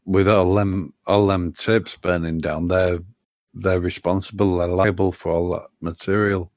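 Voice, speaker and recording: A man's voice: deep voice, steady tone, measured pace, dry recording, studio quality. A man in casual chat who cuts in with blunt questions and remarks.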